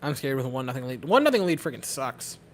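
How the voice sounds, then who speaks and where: A young man chatting casually at a home watch party, giving a nervous, excitable running commentary on a baseball game. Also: medium pitch, fast talker, slight background noise. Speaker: host. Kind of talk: casual chat.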